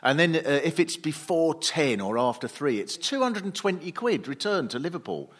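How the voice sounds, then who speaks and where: A man's voice: fairly high pitch, very animated, normal speed, fairly bright tone. A man on a comedy panel, ranting animatedly for laughs. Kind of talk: comic panel banter.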